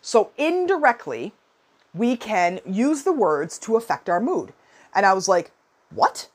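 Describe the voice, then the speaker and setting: A woman's voice: medium pitch, measured pace, slightly rough. A woman in her forties giving advice in a casual, chatty talk, with lots of fillers and acted-out quotes. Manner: chatty, animated, many fillers and quoted asides.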